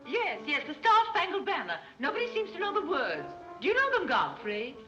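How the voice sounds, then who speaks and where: An actress playing a scatterbrained wealthy society matron who chatters in a dithery, rambling way, in a 1930s film comedy. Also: female voice, sits high, wildly swooping pitch, fairly quick, muffled recording. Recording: scratchy 1930s film soundtrack with music.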